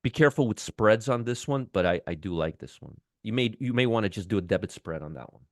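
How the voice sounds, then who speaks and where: Man, stock trading host, deep voice, casual enthusiastic market chat, repeats himself, dry close sound. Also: lively intonation, quick pace, dry recording. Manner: enthusiastic, repeats words, restarts often.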